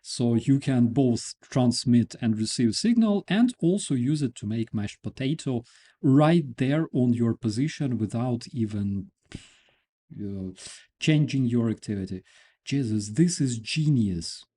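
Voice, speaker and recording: A male host whose first language is Ukrainian gives casual news commentary in a slow, unhurried way. He is sarcastic and keeps breaking into laughter. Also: medium pitch, lively intonation, mellow, slightly rough.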